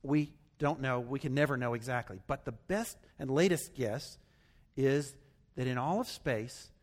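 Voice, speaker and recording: A man preaching a sermon, animated, acting out quoted voices and dropping to hushed tones for emphasis. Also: medium pitch, measured pace. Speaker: pastor.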